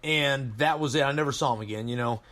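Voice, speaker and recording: A man in his thirties, a Marine veteran from Colorado, spins long, loose stories on a podcast. His voice sits at an ordinary middle pitch, and he talks in a casual, profane way as he wanders from one memory to the next. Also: fast talker, a bit bright. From Colorado, USA. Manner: rambling, profane war-story telling. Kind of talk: casual chat.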